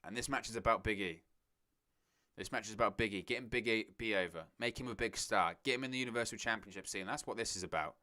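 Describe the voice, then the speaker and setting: Hosting a live watch-along stream, a man chats casually, thinks out loud, reads chat and talks to his viewers. His voice is fairly low, fast, pushed and bright.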